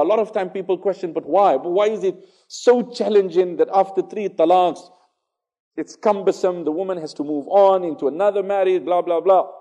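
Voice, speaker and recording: A man giving an Islamic religious lecture, telling stories, acting out dialogue and reciting Arabic verses quickly. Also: fairly high pitch, mellow. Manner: conversational, fillers, repeats phrases for emphasis.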